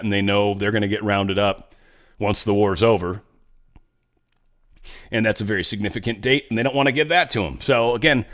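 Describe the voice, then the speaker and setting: A man's voice: on the low side, a bit bright. A man hosting a casual political commentary monologue, blunt and rambling, often stammering and repeating words. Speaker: host.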